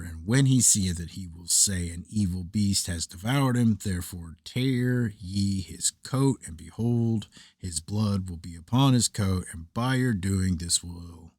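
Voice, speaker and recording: A man reading the part of a scheming brother giving cunning advice in a slow, deliberate way, with a husky low voice. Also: a little mellow, no room sound, studio quality.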